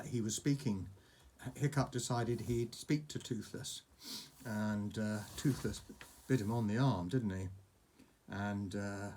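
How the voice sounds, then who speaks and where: Older grandfather reading a bedtime story. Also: lowish voice. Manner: gentle, chatty asides to a child. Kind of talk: storybook reading over a message.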